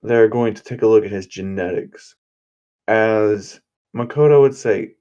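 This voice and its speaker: Male storyteller, casual, loose, swearing, slow, dull lo-fi audio. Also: lowish voice, dark tone. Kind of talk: improvised fan story narration.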